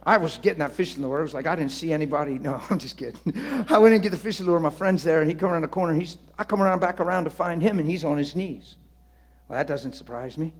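A man preaching in an animated storytelling style, laughing and swinging between loud bursts and hushed asides. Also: on the high side, fast. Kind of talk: storytelling sermon.

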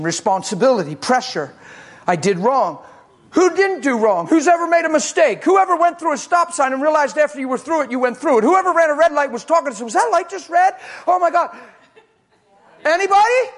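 A man preaching a sermon, telling a story with lively acted-out quotes and swings between loud and hushed. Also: extremely high pitch, brisk.

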